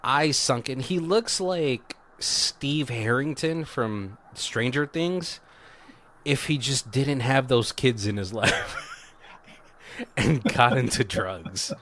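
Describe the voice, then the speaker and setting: A man of ordinary pitch retells a horror movie's plot in a loose, rambling way, often breaking into laughter. He swears freely and slips into quick impressions of the characters as he goes. Plain, everyday podcast chat. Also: a bit bright. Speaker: podcast co-host. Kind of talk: casual movie recap chat.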